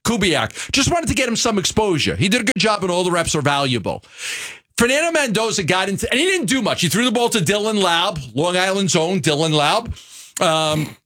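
A man's voice: sits high, very animated, brisk, pushed and bright. A man with a New York accent co-hosting a sports radio show, talking in a rambling, restart-filled way. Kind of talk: casual sports talk. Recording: radio studio mic.

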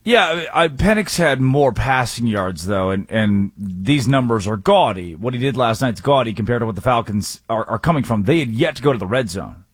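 Husky sports radio host. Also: male voice, mid-range voice, moderate pace, hardly any pauses, no echo. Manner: energetic, rattles off stats.

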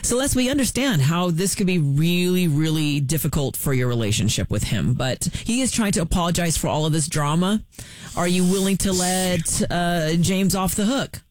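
A woman hosting a morning radio call-in show, mediating calmly between two callers from a studio. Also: fairly low pitch, normal speed. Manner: mediating, calming. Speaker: radio host. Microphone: studio microphone.

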